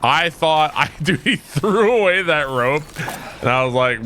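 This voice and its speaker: A young man casually commentating his gameplay live, excitable and swearing freely while chatting with viewers. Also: on the high side, a little slow, a little hiss or hum. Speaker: game streamer.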